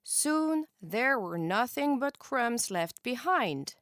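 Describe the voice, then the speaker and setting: Animated woman reading a storybook. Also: on the high side, slow pace, hardly any pauses, no echo, clean studio sound. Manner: expressive and animated. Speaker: teacher. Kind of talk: children's storybook read-aloud.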